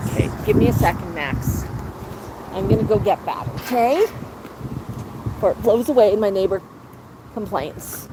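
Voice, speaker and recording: A woman's voice: medium pitch, normal speed, pauses often. A woman hosting a casual phone livestream outdoors, chatting with viewers and coaxing her parrots in a playful sing-song. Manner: chatty, coaxing baby talk to her birds. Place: outdoor patio in the shade. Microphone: cell phone. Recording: outdoor phone audio with faint traffic.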